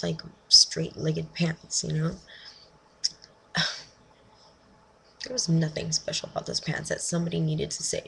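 A woman's voice: on the low side, creaky, a little hiss or hum, low-quality recording. A young adult woman telling a story in a casual, exasperated rant, full of "like" and "right?". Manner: animated, exasperated, lots of "like" and "right?". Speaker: vlogger.

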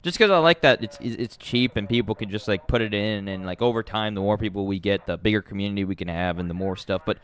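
A man streaming a game live, excitable and easily flustered, with plenty of swearing, close on a desk mic at home. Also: medium pitch, moderate pace, smooth. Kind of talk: live-stream gaming commentary.

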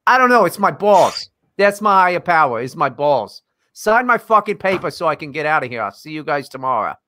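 A man's voice: on the high side, big pitch swings, a little fast, pushed and bright, dry recording, clean studio sound. A man putting on an odd accent to voice a bored, crude, court-ordered man brushing off a meeting. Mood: dismissive. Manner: dismissive, crude.

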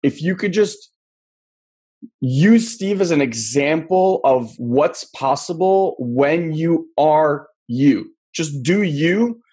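A man's voice: fairly high pitch, animated, slow pace, a little mellow, breathy edge. A man hosting an interview in a loose, chatty way with many fillers. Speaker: interview host. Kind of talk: casual interview.

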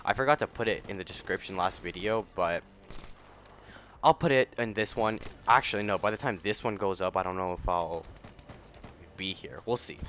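A young man, a gaming YouTuber and streamer, gives casual, rambling commentary over his gameplay with bursts of profane trash talk. His voice is deep and a bit bright at a moderate pace, with a faint hiss or hum.

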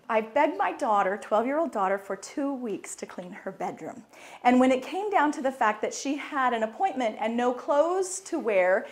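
A middle-aged woman gives an upbeat inspirational talk, her somewhat high voice swinging widely in pitch. She laughs often and keeps asking the audience questions. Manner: animated, laughing, quizzes the audience. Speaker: speaker at a women's conference.

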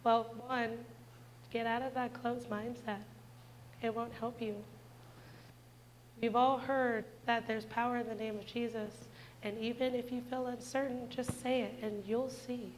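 Woman, 20s, church testimony, slightly high and even voice, sincere and direct with the congregation. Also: a little slow, a little hiss or hum, poor audio. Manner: earnest, heartfelt storytelling that addresses the congregation directly. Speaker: church speaker giving a testimony. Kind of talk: personal testimony in a church service.

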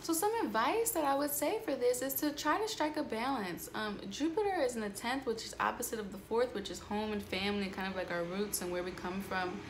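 A woman's voice: a little high, a little fast, few pauses, slight background noise. A young woman chatting candidly in a casual vlog, swearing freely and filling her speech with "like" and "um". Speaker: astrology vlogger.

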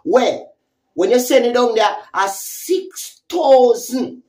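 A woman's voice: fairly high pitch, slow pace, a little mellow. A woman with a Jamaican accent giving a heated, profane vlog rant, confronting someone with repeated taunting questions. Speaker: social media commentator.

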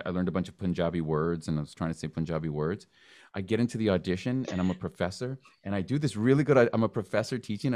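Animated storytelling man, lowish voice. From Canada. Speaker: podcast host. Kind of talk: casual interview conversation.

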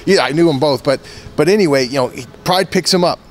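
Speaking fast in a slightly high voice, this ex-fighter rambles through a lengthy story during a relaxed interview, frequently starting over. There's a bit of noise in the background.

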